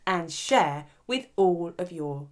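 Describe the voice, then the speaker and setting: A woman hosting her own commentary channel, talking in an animated, emphatic and argumentative way. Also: fairly low pitch, takes it slowly. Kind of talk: opinion commentary vlog.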